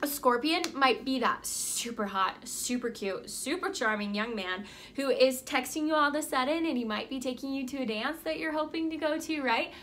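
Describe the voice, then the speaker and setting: A young woman life coach talks straight to camera in a motivational vlog. Her voice is high and bright, and she keeps it upbeat and chatty, peppered with "like" and "right?". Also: normal speed, a little hiss or hum.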